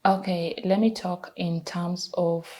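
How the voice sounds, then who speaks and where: A woman's voice: fairly low pitch, slow pace. Candid young woman guest. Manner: candid, expressive storytelling. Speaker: guest, pageant queen. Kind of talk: interview.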